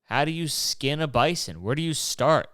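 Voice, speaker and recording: A man's voice: a little high, expressive, moderate pace, a bit bright, clean tone, dry recording, clean studio sound. A young man hosting his own show, rambling casually and swearing, mocking himself as he goes. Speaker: podcast host. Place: New York City apartment.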